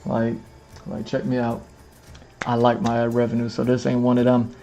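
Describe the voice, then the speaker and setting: A man talking loosely on a live stream, circling back and repeating himself with plenty of fillers, his voice sitting at an ordinary middle pitch. Faint music plays behind him as he talks to the camera under bright lights in a room. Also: completely flat delivery, moderate pace, vocal fry. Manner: rambling, repeats phrases, many fillers. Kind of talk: casual livestream chat. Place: indoors in front of a camera with lights.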